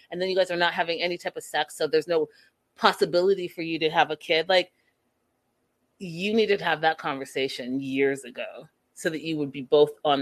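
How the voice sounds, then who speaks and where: A woman hosting a casual recap of a reality show, gossipy and animated, laughing at the scenes she retells. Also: lowish voice. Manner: animated, gossipy, laughs at her own quotes. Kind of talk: casual chat.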